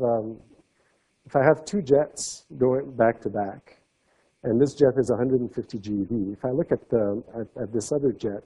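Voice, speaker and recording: Dark, husky-voiced male lecturer. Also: medium pitch, poor audio. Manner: explanatory, trails off softly at phrase ends. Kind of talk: academic seminar talk.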